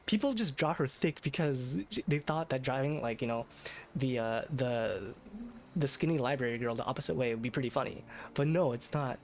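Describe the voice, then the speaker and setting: A male VTuber streams late at night, talking a little fast at medium pitch over soft background music. His casual live-stream chat rambles and is self-deprecating, full of fillers and restarts.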